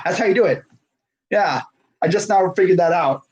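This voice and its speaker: A man's voice: sits high, normal speed, a little mellow, breathy edge, muffled recording. A man in his twenties chatting casually about sports on a stream, rambling with lots of fillers and self-corrections while reading live comments. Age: 20s.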